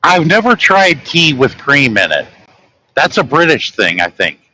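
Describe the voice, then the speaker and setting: A man with a Southern American accent chatting casually and telling folksy, relaxed stories. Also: a little high, measured pace, a little hiss or hum, poor audio. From southern United States. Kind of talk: casual chat.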